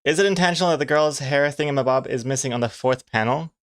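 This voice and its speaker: A man with a medium-pitched voice talks quickly on a dry, clean studio recording while drawing comics on a live stream. He chats casually, makes jokes at his own expense and reads chat messages aloud.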